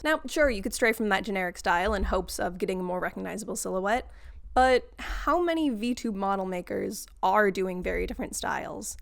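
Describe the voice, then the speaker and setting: A woman's voice: medium pitch, creaky. A woman vlogger giving a casual, sarcastic rant to her viewers and laughing often. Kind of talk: casual ranting monologue.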